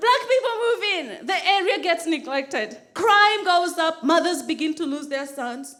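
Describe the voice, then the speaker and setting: A woman's voice: sits high, expressive, moderate pace, a bit bright, a faint crowd, slight background noise. A woman doing a stand-up comedy routine, laughing often and acting out characters in squealing voices. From Kenya. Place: comedy stage before a live audience.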